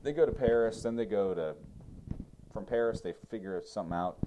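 A man's voice: on the low side, brisk, background noise. A man casually recapping a movie plot for a co-host, rambling and joking with mocking asides.

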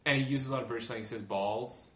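A man's voice: mid-range voice, steady tone, quick pace, pushed and bright. A man on a podcast, adding short dry remarks to a casual movie discussion. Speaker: podcast co-host. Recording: roomy podcast room with faint hiss.

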